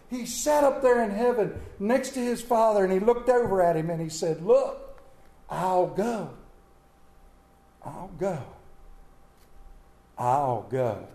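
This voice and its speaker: A man preaching an Easter sermon in a folksy way, swinging between loud calls to the congregation and quiet asides. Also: very high-pitched. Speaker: pastor. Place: church sanctuary. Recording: echoey church room.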